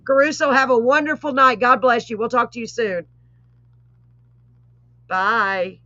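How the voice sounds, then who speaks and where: Bright high-voiced chatty woman host. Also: steady tone, unhurried, no echo. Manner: chatty, warm thanks and blessings, rambling asides. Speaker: host of a live online show. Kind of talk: casual live-stream chat. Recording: dull lo-fi stream audio.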